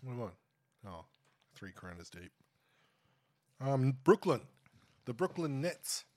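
A man with a mid-range voice, relaxed and teasing in casual podcast chat. He trails off into mumbled asides. The recording is dry and close. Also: medium pitch, slow pace, no room sound. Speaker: podcast co-host.

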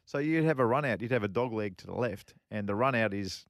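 A man's voice: lowish voice, animated, a little fast, no room sound, clean studio sound. A middle-aged man co-hosting a radio chat, telling long rambling stories full of repeats and fillers. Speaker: co-host and former pro golfer. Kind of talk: casual radio chat, storytelling.

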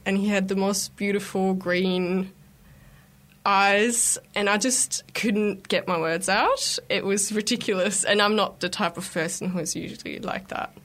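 A woman telling a personal story in a casual, chatty way, acting out quoted lines as she goes. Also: medium pitch. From lives in London. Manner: chatty, animated retelling with acted quotes. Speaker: interviewee telling her story.

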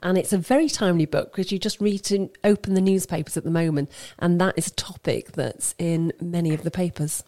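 A woman guest on a talk show, briskly informative in casual chat. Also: lowish voice, mellow. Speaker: book industry guest.

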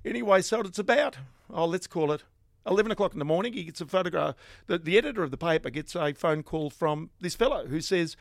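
A middle-aged Australian man recounts his early career in an animated, anecdotal way, chuckling at his own stories. His voice sits a little high with a gravelly rasp. The sound is close and dry. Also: quick pace, no echo. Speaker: guest, finance journalist. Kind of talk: casual storytelling interview.

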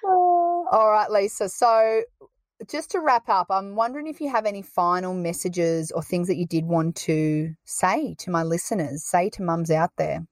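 A woman hosts the podcast with enthusiastic, chatty energy. Her voice sits a little low, and the sound is dry and close. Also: animated, normal speed, no echo. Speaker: podcast host. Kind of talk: casual chat.

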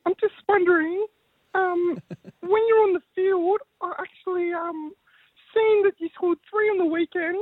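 A very high, squeaky voice of a giggly woman caller, as a man fakes her while stumbling through ums and trailing off. The sound is muffled and dull, as if over a phone, and dry, with no room around it. She keeps breaking into giggles between words. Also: steady tone, unhurried, no room sound. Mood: teasing. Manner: giggly, hesitant, full of ums. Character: chatty woman caller, a prank put-on. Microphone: phone call.

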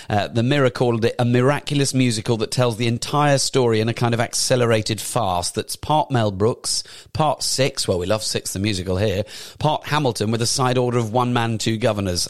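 A man's voice: on the low side, no room sound, clean studio sound. A man casually presenting theatre news, enthusiastic and rambling, correcting himself with chatty asides. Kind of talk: casual chatty show roundup.

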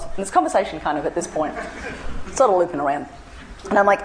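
A woman speaker tells a story with a lively, swooping voice and plays out both sides of a conversation. She is recorded in a roomy, echoey hall. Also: quick pace, a little hiss or hum. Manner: animated, acts out both sides of a dialogue with big pitch jumps. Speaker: speaker giving a talk. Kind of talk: storytelling lecture.

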